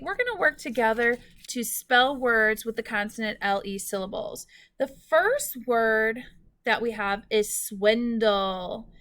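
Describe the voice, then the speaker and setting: A woman teacher giving a recorded phonics lesson, speaking slowly and clearly and stretching out words for students. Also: fairly high pitch, a bit bright.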